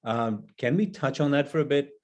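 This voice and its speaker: A man's voice: medium pitch, moderate pace. Polite man in a webinar conversation. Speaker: senior advisor.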